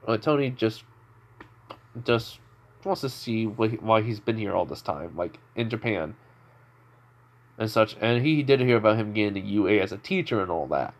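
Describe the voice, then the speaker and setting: A man's voice: on the low side, expressive, moderate pace, long pauses. A young man narrating an improvised fan story, rambling with many fillers and restarts.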